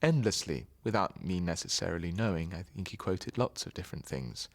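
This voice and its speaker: Man, lowish pitch, measured, explanatory, interview. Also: expressive, gravelly. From Britain. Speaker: actor. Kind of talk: interview answers.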